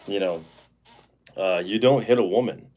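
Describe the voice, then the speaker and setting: A man with a fairly low voice hosts a casual livestream. He rambles, fills his talk with fillers and restarts, and turns heated and indignant as he goes. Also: moderate pace, mellow. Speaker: live-stream host.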